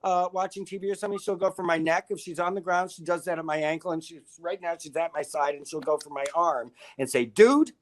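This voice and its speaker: A man's voice: fairly high pitch, steady tone, quick pace, hardly any pauses. An older man, a guest in a casual interview, telling long stories in a wry, self-deprecating way.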